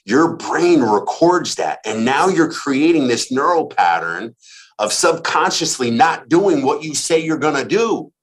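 Emphatic motivational man, swinging pitch. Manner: emphatic, repetitive, profane. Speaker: podcast guest. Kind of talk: motivational casual talk.

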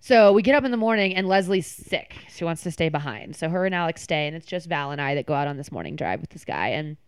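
Fast-talking chatty young woman. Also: low-pitched, smooth, no room sound. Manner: animated, chatty, many "like" fillers. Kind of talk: casual storytelling chat.

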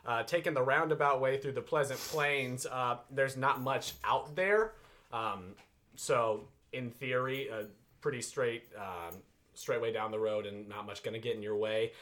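A man's voice: medium pitch, measured pace, fairly bright tone. A man narrating as game master for a tabletop game, rambling and hesitant. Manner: rambling, hesitant, full of fillers.

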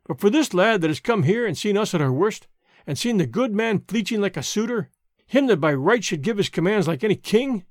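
A grateful Highland housewife, put on by a male reader, speaks with tearful, effusive emotion in a storybook reading. The voice rises high and swings widely. The sound is dry and close. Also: animated, a little fast, no echo. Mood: fervent.

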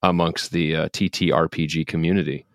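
A man's voice: extremely low pitch, little pitch movement, brisk, no room sound, studio quality. A man co-hosting a podcast, easygoing and agreeable in casual chat. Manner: easygoing, agreeable, fills in with yep. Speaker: podcast co-host and player.

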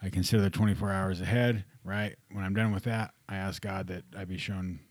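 Deep-voiced man asking rambling questions. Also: steady tone, fairly quick, no echo. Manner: rambling, filler-heavy questions. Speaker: podcast host. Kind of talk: casual interview.

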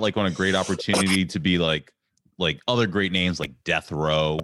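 A man hosting a casual interview, asking halting questions full of fillers. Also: sits low, fairly bright tone, a little hiss or hum. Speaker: podcast host.

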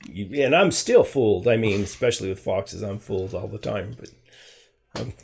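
A man talking casually as a podcast guest, halting and repeating words, often trailing off softly. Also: lowish voice, lively intonation, gravelly, husky.

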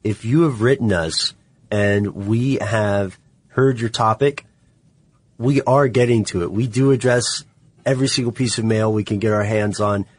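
Male co-host, low and a bit husky, relaxed wry chat, dry close mic. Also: a little slow, dry recording. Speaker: podcast co-host. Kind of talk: casual podcast chat.

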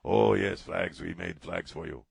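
A radio host putting on a scheming, mock-polite foreign leader with an exaggerated accent in a comedy bit. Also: male voice, low-pitched, measured pace, gravelly, slightly rough, no room sound, full character voice. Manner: exaggerated put-on accent, clipped phrases.

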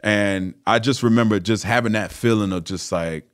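Low-voiced man telling a story animatedly. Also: moderate pace. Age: 30s or older. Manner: animated, frequent fillers and restarts. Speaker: interview guest, former pro football player. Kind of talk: casual storytelling.

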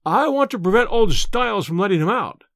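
A flustered, stammering young student, put on by a man narrating a storybook, his voice pitched high and jumpy. He trips over his words, and the recording is dry and close. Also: expressive, fairly bright tone, dry recording. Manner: stammering, hurried, evasive. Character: nervous young male student, evasive and flustered.

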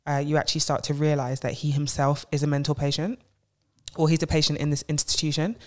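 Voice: mid-range voice, flat delivery, fast talker. A podcast co-host chatting casually and enthusiastically recommending a film. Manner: enthusiastic, fills in details for others. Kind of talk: casual chat, movie recommendation.

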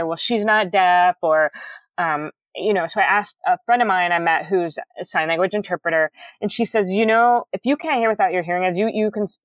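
A middle-aged woman guest in a casual interview, talking candidly with a loud, booming voice and careful enunciation. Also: no echo.

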